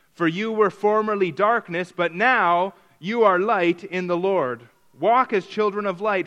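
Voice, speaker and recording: Pastor guy preaching, kinda high voice, slow and emphatic, repeats stuff for emphasis. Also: fairly bright tone. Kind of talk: sermon.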